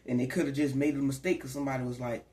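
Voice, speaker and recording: A man talks through a tarot reading in a relaxed, rambling way. His voice sits at an ordinary middle pitch. The room around him gives a noticeable echo. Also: rapid-fire. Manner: rambling, conversational, slips into acted quotes. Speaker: tarot reader. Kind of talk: casual spiritual reading to camera. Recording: echoey room.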